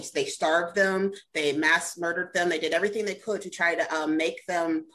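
A woman's voice: on the low side, moderate pace, few pauses, fairly bright tone, poor audio. A woman in a casual group discussion, explaining history at length. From United States. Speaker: discussion participant.

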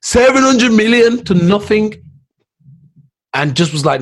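A man's voice: high voice, normal speed. A man hosting a casual podcast chat, laid-back, peppering his talk with "man" and "dude". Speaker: podcast host. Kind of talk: casual banter.

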